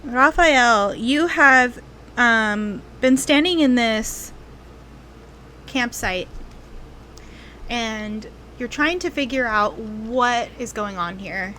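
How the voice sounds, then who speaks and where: A woman game master narrating a tabletop role-playing game, telling the story unhurriedly with frequent ums and pauses. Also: fairly high pitch, bright, forceful tone, slight background noise.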